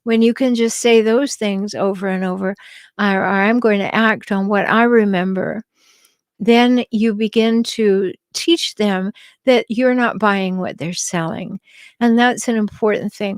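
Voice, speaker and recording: A middle-aged woman hosting a podcast, calmly answering listener questions with advice and the odd light laugh. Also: mid-range voice, no room sound. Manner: calm, advising, light laughs, some restarts. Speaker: podcast host and relationship advisor.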